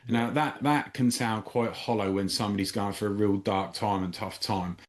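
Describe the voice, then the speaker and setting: A man's voice: on the low side, steady tone, normal speed. A man hosting a podcast interview who works as a therapist, talking bluntly and directly. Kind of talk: conversational interview.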